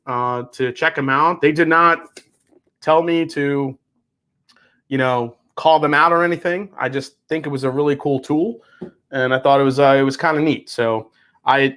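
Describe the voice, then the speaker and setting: A man's voice: fairly high pitch, fairly even intonation, moderate pace, fairly bright tone. A young adult man hosting a live whiskey stream, chatting casually, groaning and cussing at what he tastes. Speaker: whiskey livestream host.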